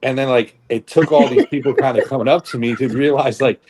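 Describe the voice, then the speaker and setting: A man's voice: mid-range voice, fairly even intonation, fairly quick, noisy background. A young man on a podcast telling a long story in a casual, rambling way, with lots of fillers and swearing. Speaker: podcast co-host, bodybuilder. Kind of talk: casual chat.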